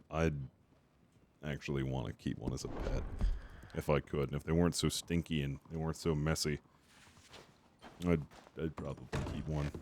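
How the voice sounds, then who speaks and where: A man's voice: very deep voice, background noise. A man streaming a game, chatting casually with viewers in a rambling way and swearing freely.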